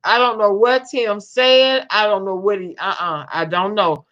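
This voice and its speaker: A woman's voice: medium pitch, fairly even intonation, a little slow, a bit bright. A woman chatting casually on a live stream, reading the chat and calling viewers babe. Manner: chatty, Southern slang, greets viewers as babe. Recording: lo-fi dull stream audio.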